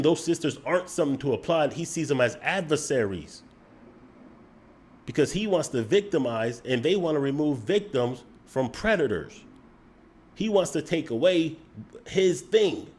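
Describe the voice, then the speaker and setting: Guy calmly calling someone out, kinda husky voice. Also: a little high, unhurried, long pauses. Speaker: commentator. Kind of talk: critical commentary.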